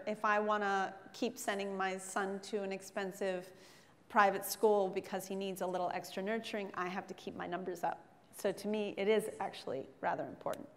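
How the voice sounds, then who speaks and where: Middle-aged lady chef lecturing students, frank and jokey, big echoey hall. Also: medium pitch. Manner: joking, frank, self-mocking asides. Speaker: chef giving a guest lecture. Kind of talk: candid motivational talk to students. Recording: long hall reverb.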